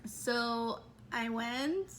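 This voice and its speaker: A woman in her twenties, a vlogger telling a personal story in a chatty, animated way with lots of fillers. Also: on the high side, extremely slow, slight background noise. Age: 20s. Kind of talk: casual storytelling.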